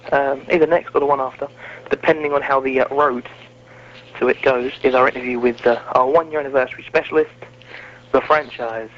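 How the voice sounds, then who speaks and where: A man's voice: mid-range voice, slight background noise. A man hosting a casual wrestling podcast, chatty and self-mocking. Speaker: podcast host. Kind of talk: casual chat. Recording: muffled lo-fi audio.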